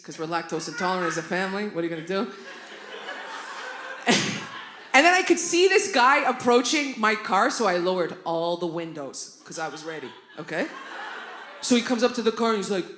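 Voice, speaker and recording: Brash, profane woman doing stand-up. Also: medium pitch. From Canada. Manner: brash, profane, animated storytelling with acted-out quotes. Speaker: stand-up comedian. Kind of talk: stand-up comedy set. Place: live theatre with audience. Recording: echoey theatre with audience laughter.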